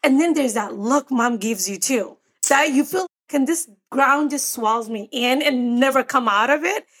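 Woman, therapist, casual podcast chat, earnest, reflective, higher voice. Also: moderate pace, a bit bright, breathy edge. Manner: earnest, reflective, talks through her anxieties. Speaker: podcast co-host.

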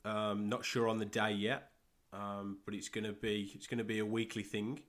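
A young man with a West Midlands English accent, hosting a solo soccer podcast and talking in a halting way with many fillers and repeated words. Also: lowish voice, little pitch movement, a bit bright. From England. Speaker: podcast host and soccer coach.

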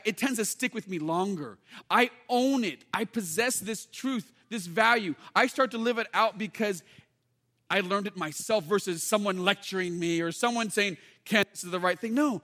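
High-voiced male pastor preaching earnestly. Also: fairly bright tone. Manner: earnest, conversational preaching with rhetorical questions. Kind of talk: sermon. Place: church.

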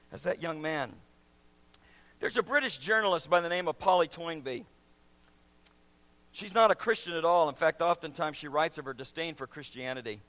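A man preaching a sermon as pastor, swinging from quiet, low asides to loud, shouted emphasis.

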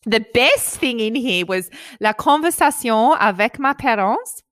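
A woman's voice: on the high side, expressive, a little slow, a bit bright, no room sound, clean studio sound. A woman in her thirties hosting a podcast, telling stories in a giggly, self-mocking way. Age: 30s. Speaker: podcast host. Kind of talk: casual chat.

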